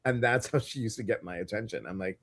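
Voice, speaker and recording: A man co-hosting a casual live-stream show, talking in a chatty, animated storytelling way. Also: fairly low pitch, fast talker. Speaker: co-host of a live intuitive show.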